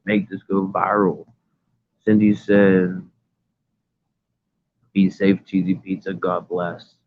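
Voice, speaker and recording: A man's voice: low-pitched, flat delivery, slow pace. A man hosting a casual livestream from his phone, reading chat comments aloud and talking in a rambling, earnest, emphatic way. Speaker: livestream host. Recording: tinny phone audio.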